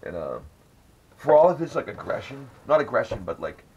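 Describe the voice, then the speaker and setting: A man's voice: mid-range voice, sing-song, brisk, darkish tone, husky, dull audio. A man hosting a podcast, telling rambling, profane stories in casual chat. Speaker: podcast host.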